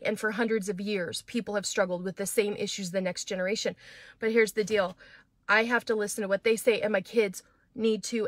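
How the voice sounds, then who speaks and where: A middle-aged woman pastor teaching scripture in a lively, conversational way, with fillers and restarts. Her voice sits at a medium pitch. It is recorded close and dry, with no room sound. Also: dry recording. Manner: animated, acts out quoted voices, fillers and restarts. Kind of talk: teaching a Bible chapter, conversational.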